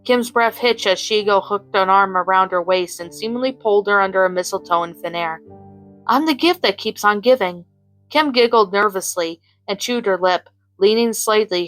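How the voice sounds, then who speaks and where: A woman narrating a fan fiction story in an even, unhurried way, with small slips now and then. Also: mid-range voice, poor audio.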